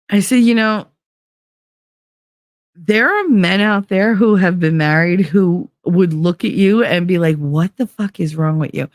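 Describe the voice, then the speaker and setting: On a casual livestream, a middle-aged woman chats frankly with her viewers, swearing often and acting out quoted exchanges in high, mocking voices. The sound is studio quality with no echo.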